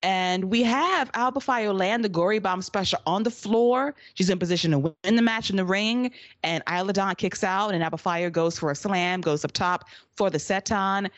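A woman's voice: medium pitch, no echo. Laughing woman recapping wrestling. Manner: laughs often, animated storytelling. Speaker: podcast co-host. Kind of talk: casual wrestling recap chat.

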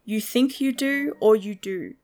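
A woman's voice: on the high side, darkish tone, close to an everyday voice. A woman voicing a terse, impatient man who gives curt, grim advice. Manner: curt, blunt, no pauses.

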